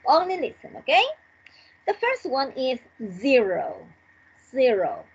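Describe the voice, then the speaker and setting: A woman leads an online English class, talking slowly and repeating each word for practice. Her voice is very husky and fairly high, and it comes through a dull, lo-fi video call. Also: very animated. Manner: slow, drilling repetition, switching between English and Spanish. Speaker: English teacher.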